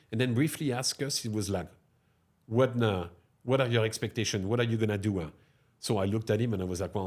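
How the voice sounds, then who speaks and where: French-accented middle-aged man telling stories. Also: lowish voice. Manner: animated, tags sentences with "no?" and "huh?". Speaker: restaurateur guest. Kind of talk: storytelling interview talk.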